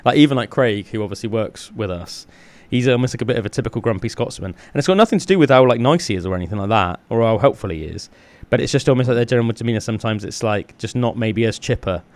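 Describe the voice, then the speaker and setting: Fast-talking chatty man on a podcast. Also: medium pitch, lively intonation, dry recording. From South West England. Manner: rambling, enthusiastic, lots of fillers. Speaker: podcast co-host. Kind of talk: casual chat.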